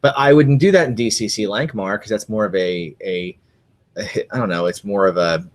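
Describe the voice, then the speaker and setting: A man's voice: lowish voice, brisk. A man co-hosting a tabletop gaming podcast, rambling and teasing in casual chat. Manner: rambling, teasing, with frequent restarts. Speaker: podcast co-host and convention game master.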